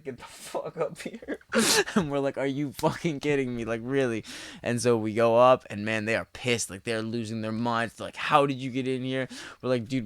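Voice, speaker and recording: A young man, a podcast guest, telling animated stories in casual chat, with lots of "like" and plenty of swearing. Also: mid-range voice, smooth, no echo, clean studio sound. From Philadelphia area. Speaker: podcast guest, parkour athlete.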